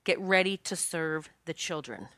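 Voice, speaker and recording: A woman hosting a podcast, telling a personal story in a frank, animated way, swearing and laughing as she goes. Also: low-pitched, normal speed, dry recording, studio quality. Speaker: podcast host.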